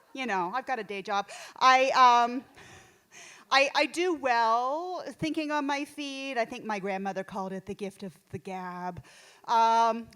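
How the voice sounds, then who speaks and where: A woman's voice: sits high, a bit bright, smooth. Rambling self-deprecating woman comic. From Texas. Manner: rambling, self-deprecating, lots of fillers and restarts. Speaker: stand-up comedian. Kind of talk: stand-up set. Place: small theater stage, live.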